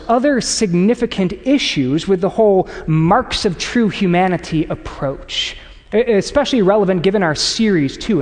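A pastor with a high voice preaches a sermon to a congregation in a reverberant hall. He tells stories in a conversational, animated way, acting out quotes.

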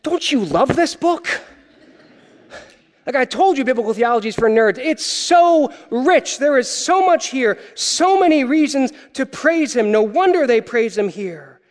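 A man preaching a sermon as pastor, animated and wry, with joking asides to the congregation. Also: very high-pitched, normal speed, in a large hall.

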